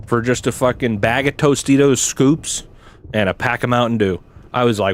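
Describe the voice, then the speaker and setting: A man's voice: mid-range voice, moderate pace. Rambling young man gamer. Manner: rambling, swears a lot, says "like" and "dude" often. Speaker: gaming streamer. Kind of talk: casual gameplay chat.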